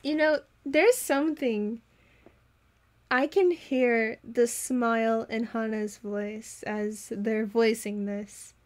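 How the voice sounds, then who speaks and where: A woman talks through a reaction video in a chatty, giggly way, full of enthusiasm. Her voice sits a little high. She sounds like she is recording at home on her own mic. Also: fairly even intonation, slow pace, darkish tone. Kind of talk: casual reaction commentary. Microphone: home recording setup.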